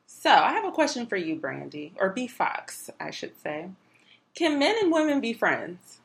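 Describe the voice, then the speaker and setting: A woman's voice: mid-range voice, sing-song, moderate pace, creaky. A woman from Detroit co-hosting a podcast, chatting casually in a laid-back, teasing way. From Detroit, USA. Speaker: podcast co-host. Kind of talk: casual chat.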